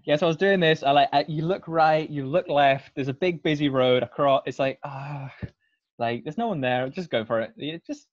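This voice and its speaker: A man's voice: fairly high pitch, moderate pace, no echo. A young man, a podcast guest telling a story in casual, self-deprecating chat. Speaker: guest cyclist. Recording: dry, slightly dull audio.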